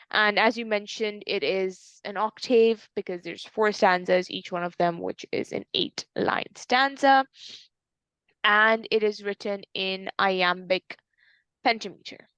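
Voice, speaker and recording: A woman's voice: medium pitch, steady tone, measured pace, fairly bright tone, no room sound. A woman tutor explaining a poem in an online lesson, in a patient, explanatory way with some fillers. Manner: explanatory, uses fillers and restarts.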